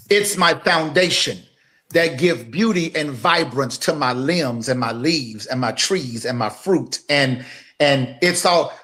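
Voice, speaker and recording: A grown man co-hosting a talk show, his voice sitting high for a man. He builds his points like a preacher, emphatic and direct, calling out to the audience as he goes. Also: a bit bright. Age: adult. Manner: emphatic, building like a sermon, addresses listeners directly. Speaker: podcast co-host. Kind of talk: impassioned podcast talk, preacher-like.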